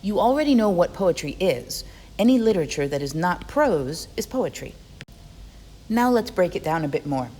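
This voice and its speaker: A woman teacher narrating a scripted poetry lesson, explaining clearly in a friendly way. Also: lowish voice, very animated, moderate pace, warm tone, big-room sound. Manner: clear, friendly explaining, reads rhythm examples aloud.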